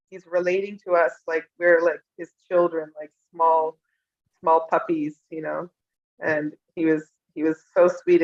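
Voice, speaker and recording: A young woman recounting emotional personal memories in an interview, tender and often laughing softly. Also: lowish voice. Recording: dull lo-fi sound.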